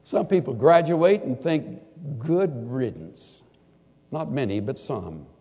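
An older man preaching a sermon in a large hall to students and faculty. He swings from loud, lively bursts to quiet, earnest asides. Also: on the high side, moderate pace. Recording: long hall reverb.

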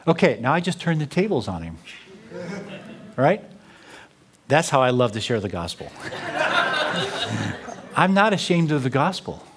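Man speaker, lively storyteller, acts out dialogue, humor-driven talk to a crowd. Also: medium pitch, measured pace, long pauses, background noise. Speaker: speaker on theology.

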